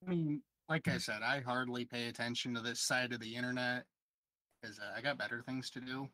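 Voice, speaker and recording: A man's voice: medium pitch, fairly even intonation, fairly quick, sharp tone, no room sound, low-quality recording. A man co-hosting a casual podcast, laid-back and blunt, with some swearing.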